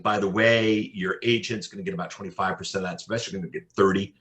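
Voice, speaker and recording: A man, a podcast consultant, telling animated anecdotes in an interview, often repeating his words as he goes. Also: sits low, fast talker. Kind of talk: interview storytelling.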